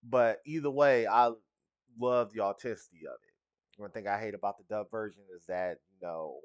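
A man's voice: fairly low pitch, moderate pace, clean tone, dry recording, highs cut off. A young man hosting a casual reaction video, chatty and profane, laughing often.

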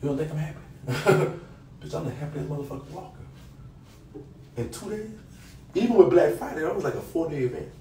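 A man ranting on a live stream, loud, taunting and profane, laughing often. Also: a little high, expressive, brisk, pauses often, echoey room, recorded from a distance, slight background noise, poor audio. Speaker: social media personality.

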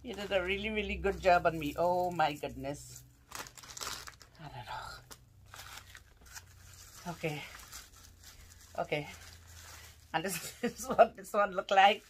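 A woman's voice: on the low side, takes it slowly, pauses often, slight background noise. A woman vlogger opening fan mail and gifts, gushing and exclaiming with lots of laughter as she wrestles with the packaging. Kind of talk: casual unboxing vlog.

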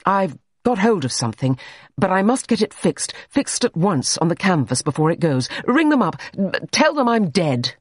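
A narrator voicing a quick-tempered young male painter who bursts out in sharp, exasperated speech. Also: high-pitched, big pitch swings, breathy edge, no echo, clean studio sound, voice pushed up, exaggerated voice. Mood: defiant. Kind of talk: audiobook character reading.

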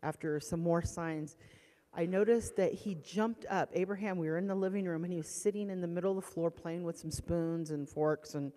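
In a church hall, a woman gives a personal testimony, recounting a past panic with strong emotion. Her voice is lowish and warm at a moderate pace, and the recording carries the hall's long reverb.

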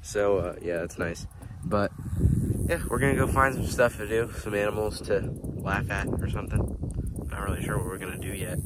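A man's voice: on the low side, fairly even intonation, moderate pace. A young man chatting casually in a rambling, laid-back way while filming on a farm, his nose a little stuffy. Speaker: farm vlogger. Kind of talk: casual vlog chat. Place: outdoors on a farm by animals. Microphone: handheld camera. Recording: outdoor noise, wind and water. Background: running water and wind.

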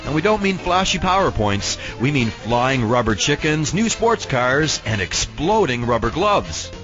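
A man's voice: mid-range voice, sing-song, measured pace. A man reading a scripted promotional voice-over in an upbeat, persuasive way. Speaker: promo announcer. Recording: dull lo-fi with music bed.

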